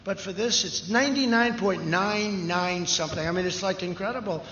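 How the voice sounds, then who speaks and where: Pitched high and bright, the man's voice is forceful and moves at a normal speed as he gives an unscripted, bragging speech that drifts into tangents. The setting is a big rally venue with slight background noise, captured through an echoey, low-fidelity sound system.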